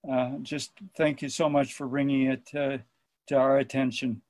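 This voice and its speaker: Male moderator, gentle, hesitant, flat delivery, dry close sound. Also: mid-range voice, moderate pace, dry recording. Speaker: town hall moderator. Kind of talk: hosting a panel.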